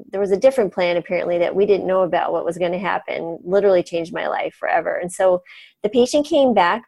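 A woman in her forties, a physician guest, telling a story in an animated, chatty way with many fillers and laughs. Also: on the low side, gravelly, dry recording. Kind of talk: conversational storytelling.

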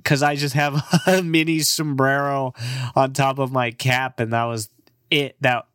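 A man's voice: medium pitch, level tone, unhurried, fairly bright tone, clean tone, no room sound, clean studio sound. A young man in his twenties, a comedian, rambling casually in a profane, laid-back way and laughing often.

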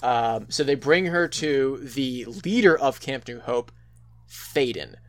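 A man's voice: mid-range voice, animated, slow pace. A man co-hosting a casual podcast, rambling with many restarts and fillers and swearing freely. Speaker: podcast co-host. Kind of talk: casual chat.

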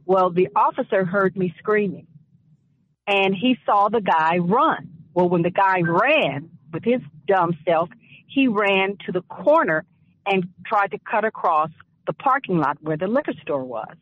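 Speaking with expressive, deliberate emphasis and repeating phrases, a woman shares a personal story and impassioned commentary on a radio talk show. Her voice is mid-range, and the audio has a dull lo-fi radio quality.

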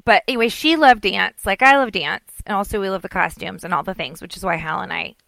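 A woman's voice: mid-range voice, fast, gravelly, a bit bright, no echo. A middle-aged woman chatting casually as a podcast co-host, telling rambling stories and acting out what people said. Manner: chatty, rambling storyteller, acts out quotes. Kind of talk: casual chat.

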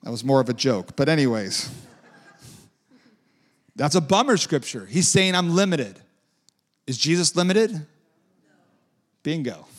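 A man's voice: on the high side, expressive, measured pace, long pauses. A man preaching a sermon in a conversational way, with lilting, sing-song emphasis and casual asides.

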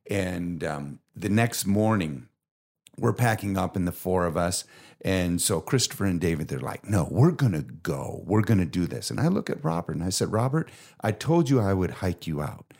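A middle-aged man with a low, deep voice tells a heartfelt story as a podcast co-host. He speaks earnestly and with feeling, in the reflective manner of faith talk. His steady, low delivery carries a sincere, encouraging weight. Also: moderate pace.

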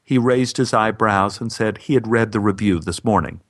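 A man's voice: lowish voice, moderate pace. Dry, wry male podcast storyteller.

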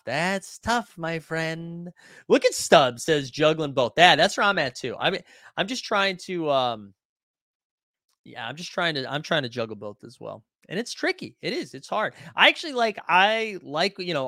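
A man's voice: on the high side, lively intonation, moderate pace, pushed and bright, dry recording, studio quality. A man hosting a casual livestream, reading out viewer comments in a loose, rambling way full of fillers and restarts. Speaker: livestream host.

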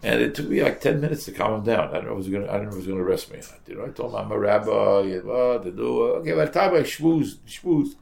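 An older man, a rabbi, telling a story in a sermon with animated, repetitive speech sprinkled with Yiddish and Hebrew words. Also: lowish voice, racing, vocal fry, few pauses. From United States.

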